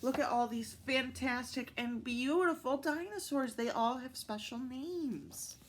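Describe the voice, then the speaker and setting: A woman reading picture books aloud at story time, expressive and adding little asides to her listeners. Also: high voice, a little slow, a little hiss or hum.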